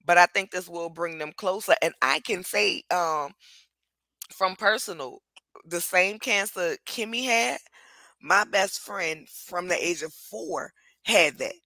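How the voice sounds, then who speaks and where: A woman hosting a casual chat about reality television, blunt and candid in how she talks. Her voice is bright and forceful, and it sounds close and dry with no room echo. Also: fairly low pitch, slow pace. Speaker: reality TV reviewer and host.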